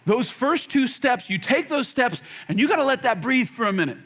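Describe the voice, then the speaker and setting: Pastor, male, high-pitched; casual animated sermon delivery with acted-out quotes and repeated lines. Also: brisk, hardly any pauses. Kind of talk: conversational sermon.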